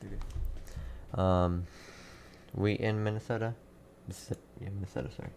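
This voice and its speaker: Low-voiced man reading storm updates to chat. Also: fairly even intonation, gravelly, a little mellow, slight background noise. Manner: rapid town-by-town updates, halting and repetitive. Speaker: livestream weather host. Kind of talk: live storm coverage answering chat.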